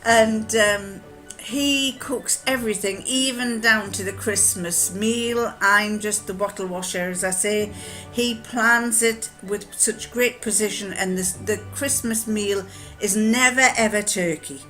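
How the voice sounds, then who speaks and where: A woman's voice: mid-range voice, a little slow, bright, forceful tone, soft background music. An older woman chatting to camera, rambling with frequent ums and restarts as she tells anecdotes. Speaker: vlogger answering a tag challenge. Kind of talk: casual chat to camera.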